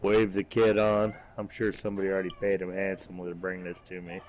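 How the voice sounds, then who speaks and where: A man's voice: sits low, monotone, quick pace, a little mellow, lo-fi sound, a little hiss or hum. A man playing a tabletop game, joking dryly and swearing casually. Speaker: player.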